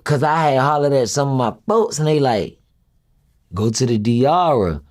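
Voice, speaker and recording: A young man tells a story in a casual interview, and his voice swings widely up and down as he acts out each quoted line. He talks in a loose, lively way at a middle pitch. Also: normal speed. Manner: animated retelling, acts out quoted dialogue. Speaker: rapper being interviewed.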